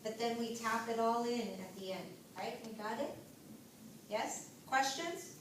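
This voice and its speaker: A woman with a high voice lectures a class, encouraging, often asking whether her points make sense. She sounds distant from the mic, in a very echoey room with faint noise behind her. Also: a little slow. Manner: encouraging, checks in with frequent "right?" and "make sense?". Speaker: yoga and health teacher.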